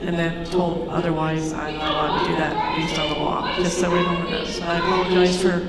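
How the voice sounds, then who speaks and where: A woman chairing a county board meeting, keeping order in a firm but halting way. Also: lowish voice, little pitch movement. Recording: echoey chamber from a distance, loud background noise.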